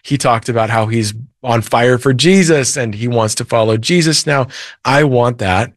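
A man's voice: medium pitch, moderate pace, dry recording, studio quality. A man, a podcast guest, earnestly telling his faith testimony in conversation. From United States. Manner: earnest storytelling, with quoted dialogue and light laughs. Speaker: interview guest.

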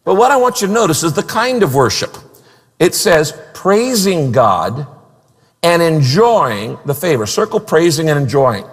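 Man, pastor, emphatic preaching, rhetorical questions, lively, echoing sanctuary. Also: a little high, measured pace, slightly rough. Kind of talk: sermon.

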